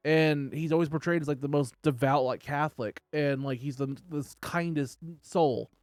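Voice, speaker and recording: A man chatting casually on a podcast, excited and rambling, with lots of "like". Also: a little high, moderate pace, dry recording. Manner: excited and rambling, heavy use of "like".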